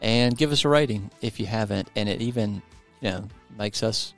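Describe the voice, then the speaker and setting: A man's voice: fairly low pitch, moderate pace, creaky, soft background music. A man co-hosting a podcast, chatting casually with plenty of fillers and restarts. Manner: rambling, many fillers and restarts. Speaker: podcast co-host. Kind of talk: casual chat.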